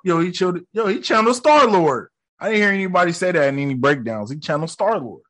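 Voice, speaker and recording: Excitable man in a slangy reaction. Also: high voice, quick pace, hardly any pauses. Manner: excitable, profane, slangy, acts out lines from the show. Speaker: reaction video host. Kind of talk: casual reaction commentary.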